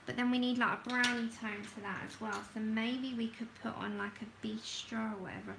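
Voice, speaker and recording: Livestream host, woman, gravelly and bright, slow and chatty, slight background hiss. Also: on the high side, steady tone, poor audio. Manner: chatty, self-laughing, talks to herself while working. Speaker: livestream host swatching colour pencils. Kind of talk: casual livestream chat.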